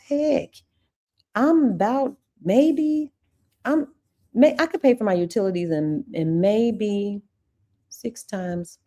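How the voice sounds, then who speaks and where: Chatty mellow-voiced woman host. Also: mid-range voice. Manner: effusive, chatty, calls viewers "y'all". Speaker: channel host; former teacher. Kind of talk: casual livestream chat with viewers.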